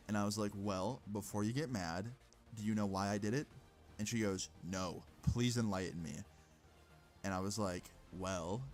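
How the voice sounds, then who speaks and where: Brash young man telling a story. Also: lowish voice. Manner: brash, profane, animated retelling. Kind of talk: casual storytime vlog.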